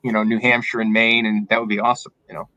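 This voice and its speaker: A man's voice: on the low side, little pitch movement, fast talker, bright, forceful tone, no echo, highs cut off. A man with an Eastern Massachusetts accent, chatting frankly as a guest on a video call. He sounds reflective and often restarts his sentences. The sound is dry and close, with little room around it. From Massachusetts, south of Boston. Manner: candid, reflective, with frequent restarts. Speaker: guest filmmaker. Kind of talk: casual live-stream chat.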